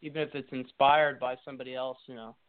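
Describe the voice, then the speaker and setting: A man's voice: mid-range voice, little pitch movement. A young man, a musician guest, chatting casually and rambling through his thoughts in an interview. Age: young adult. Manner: rambling, quick asides. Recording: tinny phone-like line.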